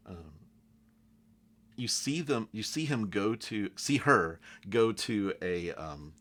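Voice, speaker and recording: Slow, deep-voiced man narrating a tabletop game. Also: a bit bright. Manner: halting, with many pauses and ums. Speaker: game master.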